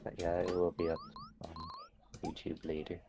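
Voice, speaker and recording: A man's voice: low voice, monotone, moderate pace, noisy background. A man co-hosting a casual game dev stream, making offhand jokes. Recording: clear background music.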